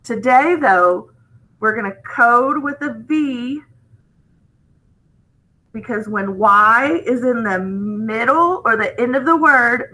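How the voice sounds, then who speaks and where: A woman's voice: on the high side, pushed and bright, low-quality recording. A woman teaching a phonics lesson online to children, patiently sounding out letters and checking in with "okay?". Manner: sounds out letters and words slowly and clearly.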